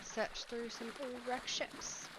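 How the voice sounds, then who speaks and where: A woman's voice: a little high, little pitch movement, slow pace, background noise. A woman streaming a game live, thinking aloud and reading out the game's text as she plays. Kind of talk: casual live-stream commentary while playing.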